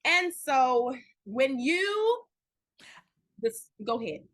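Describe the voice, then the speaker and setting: A woman, an actress, chatting candidly in an interview, telling stories with lively acted-out quotes and at times close to tears. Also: high-pitched, extremely slow. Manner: animated storytelling, acts out quoted dialogue, near tears at times. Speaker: guest actress.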